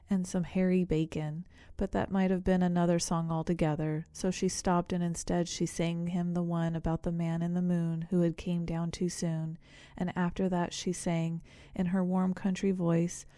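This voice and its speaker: Female audiobook narrator, measured storytelling, dark mellow tone. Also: on the low side, no echo, clean studio sound. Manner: measured storytelling with voiced characters. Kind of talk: scripted narration.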